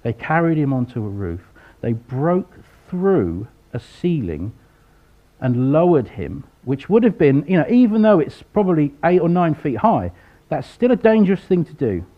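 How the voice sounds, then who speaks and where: A man preaching a sermon, acting out the people in the story with sudden loud voices. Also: a little high, sing-song, moderate pace. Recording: dull lo-fi sound.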